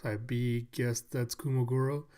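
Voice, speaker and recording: A man's voice: medium pitch, a little slow. Man animatedly retelling a comic chapter. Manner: animated retelling, acting out scenes. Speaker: manga reviewer. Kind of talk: casual manga review.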